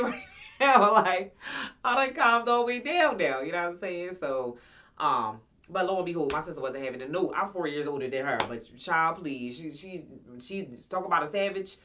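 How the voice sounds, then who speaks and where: A woman's voice: fairly low pitch, sharp tone, distant mic. A woman in her forties casually telling a personal story to her viewers, blunt, slangy and profane. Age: 40s. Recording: voice somewhat off-mic.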